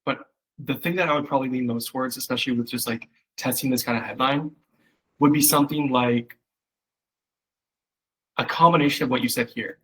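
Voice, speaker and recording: A low-quality recording catches a man with a breathy, fairly bright mid-range voice speaking briskly in a steady tone, though he pauses often. Working as a copywriting coach, he gives a loose one-on-one critique full of fillers and acted-out examples voicing quoted people.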